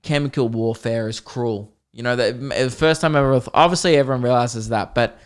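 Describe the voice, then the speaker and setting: Young male podcast host, middle-pitched voice, animated, sweary, self-mocking comic storytelling. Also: a little fast, clean tone.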